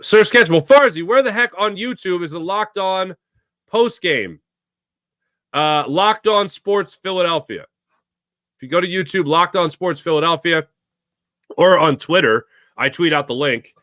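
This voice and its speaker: A man's voice: high voice, expressive, a little slow, a bit bright, no echo, studio quality. A young man hosting a live sports talk stream, rambling and reading viewers' comments aloud. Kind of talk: casual live-stream chat.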